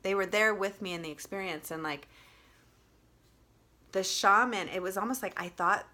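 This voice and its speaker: A woman vlogger telling a personal story in a casual, animated way, with lots of fillers and free swearing. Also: mid-range voice, normal speed.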